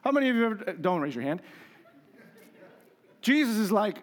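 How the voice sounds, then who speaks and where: A man's voice: sits high, very animated, moderate pace. Emphatic man preaching a sermon. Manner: emphatic, conversational, with humor and rhetorical questions. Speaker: pastor.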